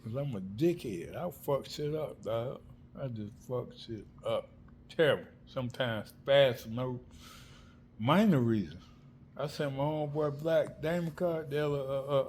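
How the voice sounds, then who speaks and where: A middle-aged man from South Florida telling family stories in an animated, slangy vlog monologue, acting out the people he quotes. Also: medium pitch. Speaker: vlogger. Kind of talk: casual storytelling monologue. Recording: faint background noise.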